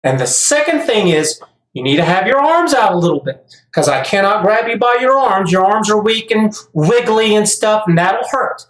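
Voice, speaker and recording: A man's voice: sits high, big pitch swings, moderate pace, a bit bright. A middle-aged man talking casually and at length, stumbling over repeated words and growing emphatic as he rants. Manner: rambling, repeats words on restarts; gets emphatic and ranting. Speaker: vlogger. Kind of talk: casual monologue. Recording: echoey room.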